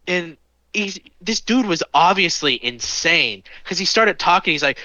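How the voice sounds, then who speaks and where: A man in his early twenties, a podcast co-host, telling anecdotes in animated, swear-heavy casual chat. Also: on the high side, normal speed, dry recording, highs cut off. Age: 20s. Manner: animated storytelling, lots of swearing.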